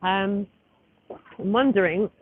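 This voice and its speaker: A woman's voice: mid-range voice, slow pace. A woman in her thirties chatting casually on a live stream, rambling and breaking off to fiddle with her phone, outdoors at a street gathering. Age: 30s. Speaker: livestreamer. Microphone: phone camera. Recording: tinny phone-like audio with faint noise.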